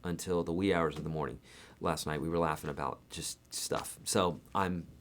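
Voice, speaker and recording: A man's voice: rumbling low, steady tone, normal speed. A man teaching a live guitar lesson in a casual, chatty way, his voice tired and worn, counting beats aloud.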